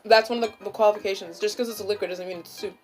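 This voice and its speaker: A woman's voice: mid-range voice, steady tone, racing, faint music behind. A young woman hosting a casual chat, rambling and giggly with lots of "like". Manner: giggly, rambling, heavy use of "like". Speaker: channel host. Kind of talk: casual stoned mukbang chat.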